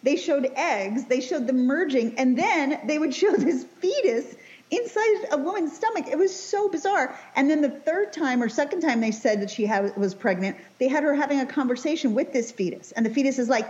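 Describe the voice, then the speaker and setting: Woman, co-host, casual chat, animated storyteller, slightly high voice. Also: moderate pace, muffled recording. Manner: chatty, laughing storyteller who acts out quotes.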